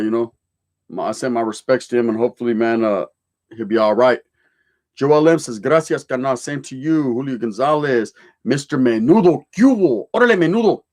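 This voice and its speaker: A middle-aged man runs a relaxed livestream, greeting viewers and answering their questions one by one. His talk is easygoing and full of street slang, with Spanish words dropped in, and his voice sits at an ordinary middle pitch. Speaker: livestream host reading viewer comments. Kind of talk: casual livestream chat.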